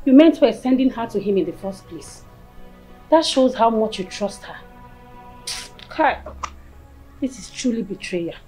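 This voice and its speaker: A Nigerian actress playing a loyal friend who pleads and soothes, mixing in Pidgin. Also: female voice, on the high side, expressive, a little slow, pauses often, dark tone, soft background music, low-quality recording. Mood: pleading. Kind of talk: film acting.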